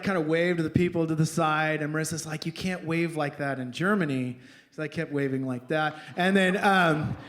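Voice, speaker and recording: A pastor telling a humorous personal story in a sermon, animated and self-mocking, often laughing at his own jokes. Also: on the high side. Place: church.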